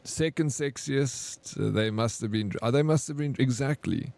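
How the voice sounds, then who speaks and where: A man's voice: medium pitch, moderate pace, creaky, darkish tone, no echo. A young man from South Africa with a South African accent, chatting frankly and laughing easily with viewers while he streams a game. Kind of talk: casual live-stream chat with viewers.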